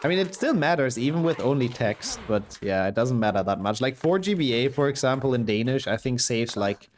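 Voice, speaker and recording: A man's voice: medium pitch, lively intonation, brisk, a little hiss or hum. A young man with a sick voice, casually commentating his speedrun and answering chat. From Germany. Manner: chatty, reads and answers chat while playing. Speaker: speedrunner streamer.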